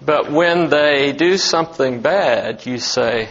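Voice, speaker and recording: A man's voice: a little high, unhurried, few pauses, a bit bright, lo-fi sound. A man preaching an expository sermon as a pastor, talking emphatically and asking many rhetorical questions.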